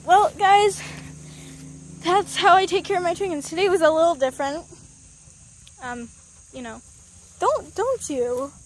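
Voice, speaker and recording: A high-pitched young woman chats while she films herself at a chicken coop with a handheld camera. She coaxes her hens in a sing-song tone. Faint outdoor noise and clucking sit behind her voice. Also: expressive, unhurried, pauses often. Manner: chatty, coaxing the hens with baby talk. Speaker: vlogger. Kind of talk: casual vlog narration.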